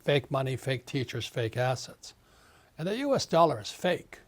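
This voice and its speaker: A man's voice: medium pitch, big pitch swings, moderate pace. An older man in his seventies, an author being interviewed, speaking emphatically in a ranting way. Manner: emphatic, ranting, acts out quoted voices. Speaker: author and guest.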